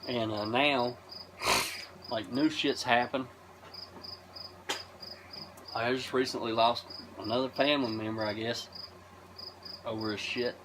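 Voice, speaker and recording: A man vlogging casually while grilling outdoors, talking to his viewers in a loose, rambling way full of swearing. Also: fairly low pitch. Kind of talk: casual rambling chat to camera. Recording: loud insect and cricket noise outdoors.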